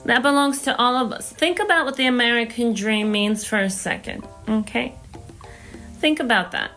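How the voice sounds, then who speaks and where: A woman doing a comic impression of a giggly woman politician who rambles slowly through a folksy speech. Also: fairly high pitch, bright, forceful tone, faint music behind. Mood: rambling, giggly. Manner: rambling, folksy, slow and drawn-out.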